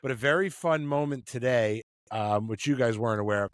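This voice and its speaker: A man's voice: mid-range voice, brisk, dry recording. A man co-hosting a casual sports podcast, joking and rambling with restarts over a remote call. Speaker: podcast co-host. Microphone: remote call mic.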